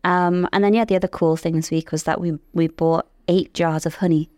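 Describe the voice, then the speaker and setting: A woman's voice: on the low side, steady tone, a little fast, darkish tone, no echo, clean studio sound. A British woman co-hosting a podcast, chatting casually and laughing often. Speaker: podcast co-host. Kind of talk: casual chat.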